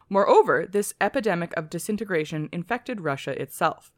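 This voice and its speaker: A woman's voice: fairly low pitch, animated, brisk, few pauses, a bit bright, dry recording, clean studio sound. A woman co-hosting a podcast, steadily explaining from prepared notes with casual asides. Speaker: podcast co-host.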